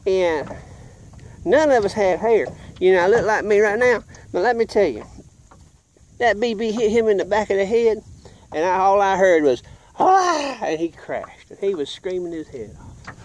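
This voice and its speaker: A man's voice: high voice, moderate pace, a little mellow. A middle-aged man telling a folksy childhood story while fishing outdoors, acting out voices and sound effects. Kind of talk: casual storytelling.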